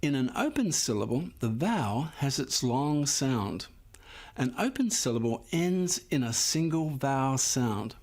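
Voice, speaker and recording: A man teaching a phonics lesson, explaining syllable rules patiently and sounding out words slowly and clearly for the class. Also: mid-range voice, big pitch swings, a little mellow. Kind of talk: slow, clear classroom instruction.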